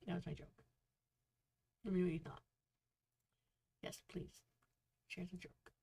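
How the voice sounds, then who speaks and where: A woman's voice: on the low side, fairly even intonation, measured pace, vocal fry, mellow, slightly rough. A woman hosting a casual author livestream, chatty and telling jokes to viewers. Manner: chatty, joke-telling, reads viewer comments aloud.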